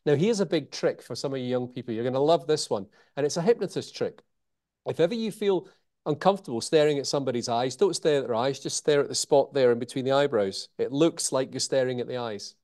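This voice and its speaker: A man, a guest in an interview, explaining communication techniques in an animated way, changing his pace and pausing for emphasis. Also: medium pitch. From Scotland. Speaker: communication author and trainer.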